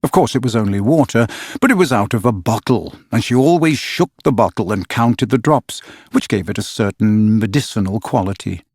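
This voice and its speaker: A man reading a storybook aloud in measured, expressive narration. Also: lowish voice, husky, dry recording, studio quality. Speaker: audiobook narrator. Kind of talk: scripted narration.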